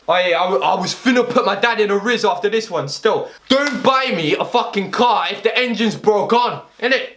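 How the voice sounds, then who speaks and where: A young man with a London accent who raps comic lines and then explains them in heavy street slang with a deadpan delivery. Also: high voice, moderate pace, few pauses. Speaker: comedy video creator. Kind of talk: comedic rap with spoken explanations.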